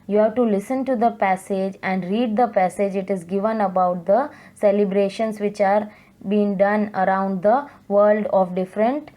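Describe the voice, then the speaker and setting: Woman teacher, unhurried, careful classroom explanation, mid-pitched voice. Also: dark tone. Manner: slow, careful explanation addressed to students. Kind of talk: recorded online English lesson.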